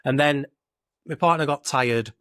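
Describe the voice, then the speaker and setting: A man's voice: medium pitch, a little slow, a bit bright, dry recording, studio quality. A young man with a Lancashire accent, co-hosting a podcast and telling a long, rambling story in casual northern dialect. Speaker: podcast co-host.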